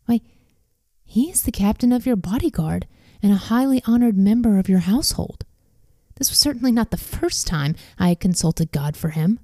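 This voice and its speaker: A woman's voice: mid-range voice, expressive, moderate pace, warm tone, no echo, clean studio sound. A woman reading the lines of a frightened older male priest who pleads his innocence with a stammer. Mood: pleading.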